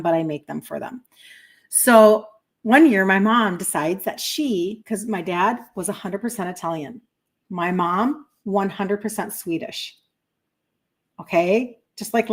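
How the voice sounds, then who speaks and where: A woman in her fifties, a health coach hosting a livestream, telling a chatty story in a casual way and breaking off to thank viewers. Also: medium pitch. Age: 50s.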